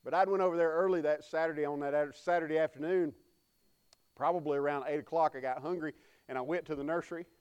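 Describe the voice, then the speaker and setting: A man's voice: fairly high pitch, steady tone, quick pace, darkish tone, smooth, dull audio. A man preaching a sermon, telling folksy stories and calling on the congregation to respond. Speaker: pastor.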